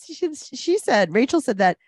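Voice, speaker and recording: A woman's voice: high-pitched, sing-song, a little slow, a little mellow, no echo, clean studio sound. A woman co-hosting a podcast, chatting casually and gossiping about a reality show with playful jokes and mock voices. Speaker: podcast co-host.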